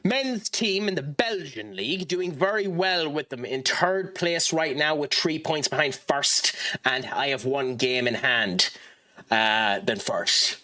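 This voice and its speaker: A man streaming a football management game, chatting with viewers in a rambling way and reacting loudly to the match. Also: on the high side, expressive, slow. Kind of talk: live gaming stream chat and match commentary.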